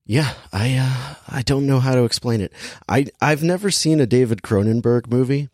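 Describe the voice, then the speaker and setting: A man's voice: mid-range voice, normal speed, a little mellow, dry recording, studio quality. A man co-hosting a podcast, recapping a movie in casual chat with rambling, amused storytelling. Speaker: podcast co-host.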